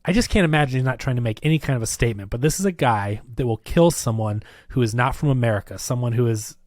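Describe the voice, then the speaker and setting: A man's voice: mid-range voice, fast, no room sound. A man on a film review podcast retelling the plot in a loose, chatty way. He slips into acted quotes and fills gaps with "like" and "you know." His voice sits mid-range, recorded close and dry. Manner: animated, acts out quoted lines, many fillers.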